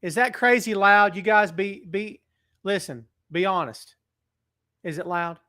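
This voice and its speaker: A middle-aged man with a somewhat high voice hosts a live wrestling chat show. He greets his viewers with animated energy and speaks earnestly when he gets serious. He is recording alone in a large building. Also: measured pace, no echo, clean studio sound. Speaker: wrestling podcast host. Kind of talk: casual live-stream chat. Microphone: webcam setup.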